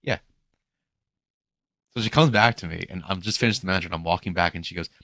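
A man's voice: low voice, fast talker, sharp tone, no room sound. A man hosting a podcast, casually retelling a story from his lifeguard job and mimicking the people in it, with some casual swearing. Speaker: podcast host and pool lifeguard.

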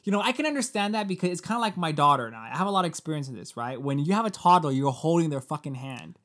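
A man's voice: a little high, rapid-fire. A man in his thirties, a podcast co-host, ranting in casual chat and swearing often. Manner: emphatic, swears often, animated rants. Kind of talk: casual chat with profanity-laden rants.

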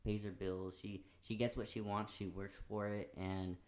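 A man's voice: lowish voice, flat delivery, moderate pace, a little mellow, a little hiss or hum. A guest on a podcast in casual chat, talking reflectively and earnestly about his own past.

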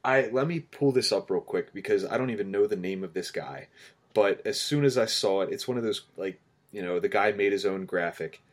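Podcast co-host, male, low-pitched, animated storyteller who acts out quotes. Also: brisk. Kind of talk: casual sports chat.

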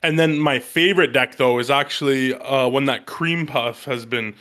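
Bright-voiced guy rambling about card games, gets loud and high when excited. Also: normal speed. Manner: animated, jumps to high excited pitch when telling stories. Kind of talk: casual gaming chat.

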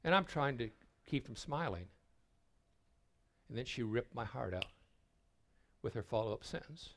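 An older man giving a sermon at a retreat, telling stories and stumbling over repeated words as he begins a thought, sometimes dropping to a hushed voice. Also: medium pitch, expressive, moderate pace. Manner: storytelling, dropping to a hushed voice for tender moments. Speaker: retreat speaker.

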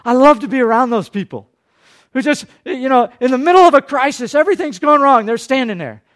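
A man preaching a sermon, swinging between loud, urgent lines and hushed, quiet ones, and briefly acting out the people he quotes. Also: extremely high pitch, animated, fairly quick. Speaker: pastor.

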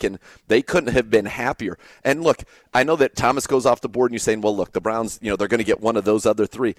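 A man co-hosting a sports talk show, talking in a steady, conversational way and backing up his co-host with short agreements. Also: on the low side, fast, hardly any pauses, no echo.

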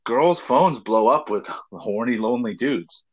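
Joking, animated man on a dull recording. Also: medium pitch, unhurried, husky. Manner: laid-back, joking, lively delivery. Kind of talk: casual chat.

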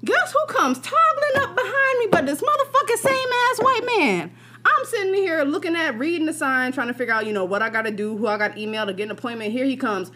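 A young woman co-hosting a podcast, telling a story in casual, profane, animated chat. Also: high voice, fast talker. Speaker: podcast co-host.

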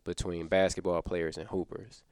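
A man's voice: deep voice, flat delivery, normal speed, darkish tone, no echo, clean studio sound. A man co-hosting a casual sports chat, emphatic and slangy with strong opinions.

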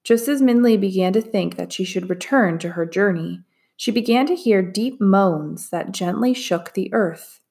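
A woman narrating a chapter book aloud in a measured, expressive reading. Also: medium pitch, creaky. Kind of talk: storybook read-aloud narration.

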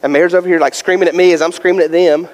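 A man preaching a sermon, telling a story in an animated way with many fillers before turning to scripture. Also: high-pitched, racing. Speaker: pastor. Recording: long hall reverb.

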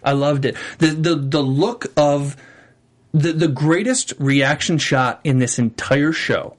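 A young man co-hosting a TV after-show in casual chat, enthusiastic and emphatic, talking in quick bursts. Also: on the high side.

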